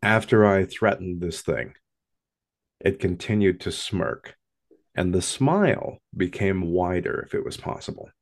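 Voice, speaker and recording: Man, deep voice with a rough gravelly edge, intense first-person ghost storyteller. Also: expressive. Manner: intense and dramatic, with long pauses.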